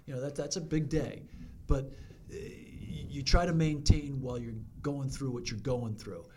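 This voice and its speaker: A man with a mid-pitched voice speaks reflectively as a podcast guest, often restarting his sentences. Faint background noise sits under his voice. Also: dark tone. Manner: reflective, halting, with many restarts. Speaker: fire chief guest. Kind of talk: casual podcast conversation.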